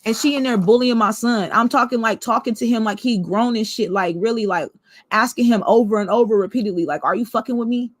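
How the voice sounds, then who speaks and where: A woman vlogger telling a personal story in a blunt, profane, animated way. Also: fairly high pitch, a little fast, dry recording.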